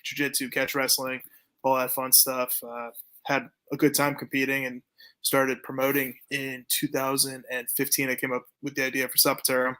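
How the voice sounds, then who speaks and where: Young man, monotone, laid-back, blunt, swears freely, casual interview guest. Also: medium pitch, normal speed. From Canada. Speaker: jiu-jitsu gym owner and event promoter.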